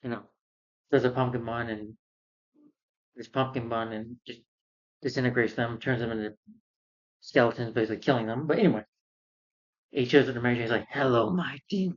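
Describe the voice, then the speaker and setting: A man's voice: mid-range voice, fairly even intonation, brisk, pauses often, highs cut off. A man giving a casual spoken film review. He retells the plot in a loose, rambling way and acts out the characters' lines as he goes.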